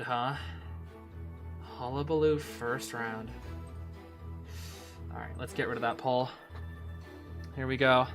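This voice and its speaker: Man, live game commentary, excitable and chatty, very lively pitch, bright voice, faint music underneath. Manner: excitable, chatty, breaks into laughter. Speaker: streamer commentating a tournament.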